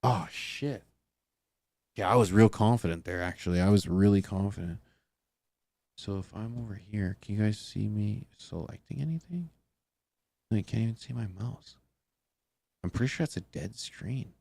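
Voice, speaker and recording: Hosting a casual livestream, a man with a lowish, warm voice speaks at normal speed with vocal fry and long pauses, with no echo. He laughs and mutters to himself as he gets his monitors sorted.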